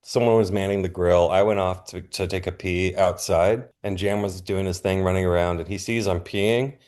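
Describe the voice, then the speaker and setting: A man chatting casually as a podcast guest, laid-back and quick to laugh. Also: deep voice, steady tone, a little mellow. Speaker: punk musician guest. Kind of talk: casual interview chat.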